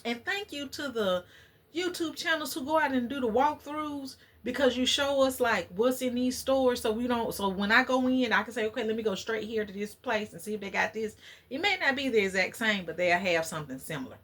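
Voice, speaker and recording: A woman's voice: fairly high pitch, fairly quick, a bit bright. A woman vlogger in casual, preachy chat with her viewers. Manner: chatty, preachy, talks to viewers as y'all. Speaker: channel host.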